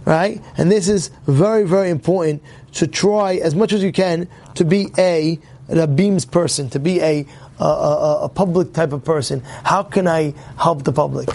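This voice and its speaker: A man's voice: on the high side, moderate pace, gravelly, darkish tone. A man teaching a religious class to his congregation, emphatic, repeating himself and asking rhetorical questions.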